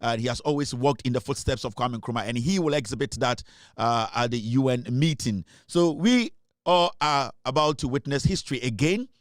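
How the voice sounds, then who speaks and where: A man's voice: medium pitch, normal speed, no echo, clean studio sound. A man with a Ghanaian accent hosting an online talk show, giving casual political commentary with many fillers and repeated slogans.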